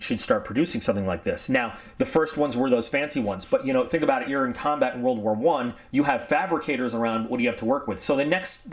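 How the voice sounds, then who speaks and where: A man telling a history story in a loose, conversational way, wandering off on tangents and then pulling himself back. He restarts sentences often and brings the tale to life by acting out what people said. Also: mid-range voice. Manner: rambling, digressive, self-correcting; animated storyteller acting out quotes. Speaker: history channel host. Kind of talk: casual spoken history talk.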